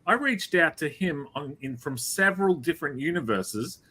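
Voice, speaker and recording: Australian man, host, teasing and playful, bright forceful tone, slightly high. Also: animated, moderate pace, low-quality recording. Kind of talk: casual online show chat.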